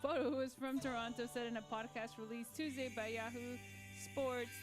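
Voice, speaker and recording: A young woman reading sports headlines on a radio show in a brisk way, sometimes stumbling over names. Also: on the high side, fairly even intonation, music in the background. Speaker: radio news reader.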